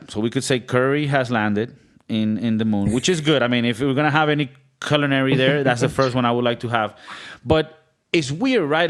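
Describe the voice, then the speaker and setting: A man hosting a podcast in casual chat, joking and rambling, who now and then slips into put-on accents. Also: mid-range voice. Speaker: podcast host.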